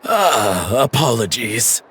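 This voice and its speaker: A man's voice: mid-range voice, sing-song, takes it slowly, a bit bright, breathy edge, exaggerated voice. An actor playing a polite, salesman-like shop assistant in a video game. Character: courteous male shop assistant. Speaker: game character. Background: music.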